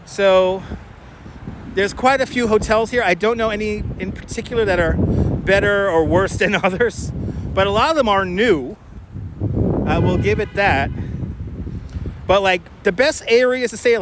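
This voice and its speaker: Man, high-pitched voice, chatty live-stream host, joking with viewers, clip-on mic, loud street traffic behind. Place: outdoors on busy city streets and bridges. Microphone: wireless clip-on mic.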